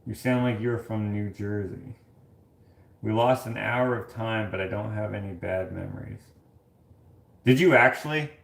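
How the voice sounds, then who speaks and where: A man's voice: fairly low pitch, a little slow, vocal fry, long pauses, a bit bright. A man hosting a casual stream from his kitchen, chatting and telling rambling stories with lots of fillers. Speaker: livestream host reading chat. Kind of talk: casual chat. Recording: echoey room.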